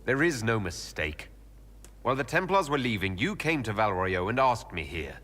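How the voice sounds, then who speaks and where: A man's voice: on the low side, sing-song, moderate pace, a bit bright. A man voicing a plain-spoken hero in a video game, asking direct questions. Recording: game audio with faint ambience.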